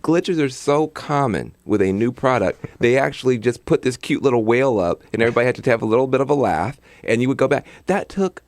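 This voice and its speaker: Fired-up man, lively gravelly voice. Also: medium pitch, fairly quick, hardly any pauses, dry recording. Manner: passionate, emphatic, repeats points for effect. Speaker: political commentator guest. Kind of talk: studio talk-show interview. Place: radio studio.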